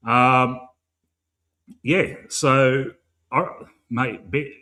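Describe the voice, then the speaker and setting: A man's voice: mid-range voice, fairly even intonation, drawn-out words, sharp tone. An Australian man hosting a casual live fan stream, rambling and matey, swearing freely and filling gaps with "um". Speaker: fan show host.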